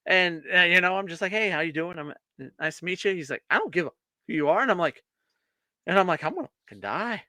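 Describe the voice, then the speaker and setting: A man's voice: high voice, fast, no room sound. A man co-hosting a podcast, chatting casually over beers and acting out the people in his stories. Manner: animated storytelling, acts out quotes. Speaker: podcast co-host.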